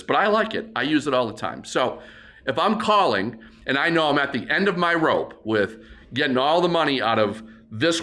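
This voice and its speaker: A middle-aged man, an auctioneer, explaining bid calling plainly and breaking into quick auction chants to demonstrate. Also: mid-range voice, sharp tone. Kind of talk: instructional demonstration.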